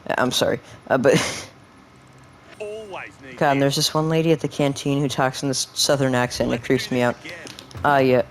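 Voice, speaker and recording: A man's voice: mid-range voice, little pitch movement, moderate pace, long pauses. A man giving rambling gameplay commentary at home, full of fillers, restarts and swearing when annoyed. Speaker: gaming video creator.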